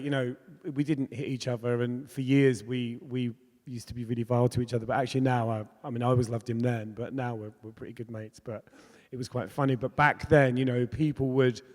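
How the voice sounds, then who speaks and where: A man in his fifties, a pop musician telling stories in an onstage conversation, chatty and laughing often. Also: medium pitch. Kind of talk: candid storytelling in an onstage conversation. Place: festival talk in a hall. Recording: long hall reverb.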